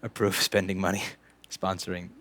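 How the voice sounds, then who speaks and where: A man's voice: low voice, little pitch movement, normal speed, fairly bright tone. A man in his late twenties, hosting a casual livestream while doing repair work, chatting in a sarcastic, joking, rambling way. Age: late 20s. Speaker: repair technician and stream host.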